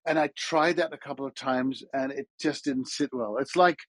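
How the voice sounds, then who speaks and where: A man's voice: mid-range voice, steady tone, moderate pace, dry recording. A Dutch man speaking English with a blended Dutch and British accent, telling stories on a panel in a chatty, self-deprecating way with stammered restarts. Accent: Dutch-tinged English with British traces. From Netherlands. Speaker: panel guest, voice actor. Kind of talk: casual panel chat.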